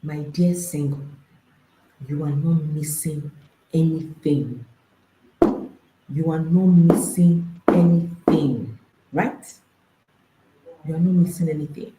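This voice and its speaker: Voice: medium pitch, level tone, slow pace, pauses often, mellow, echoey room, a little hiss or hum, rough recording. A marriage and intimacy coach, speaking to an audience, emphatic and repeating phrases, firing off rhetorical questions.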